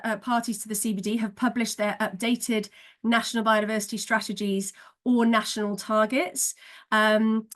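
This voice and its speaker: A woman communications director presenting findings on a webinar, earnest and steady with occasional fillers. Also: on the high side.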